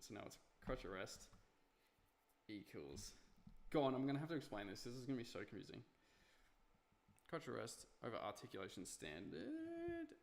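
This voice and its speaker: A man's voice: fairly low pitch, gravelly, slight background noise. A young man streaming himself at work, muttering notes to himself with self-mocking asides. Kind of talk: casual live-stream talk while working.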